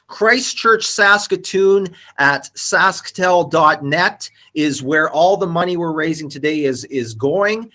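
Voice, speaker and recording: A man's voice: on the high side, slow pace, hardly any pauses, bright, forceful tone. A man hosting a live-streamed reunion chat over a video call, upbeat and talkative, with many fillers and restarts. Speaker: host.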